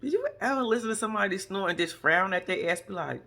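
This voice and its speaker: A woman's voice: brisk, long pauses. A woman giving blunt, sassy, profane running commentary as a recap vlog host. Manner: lively, swoops high for asides.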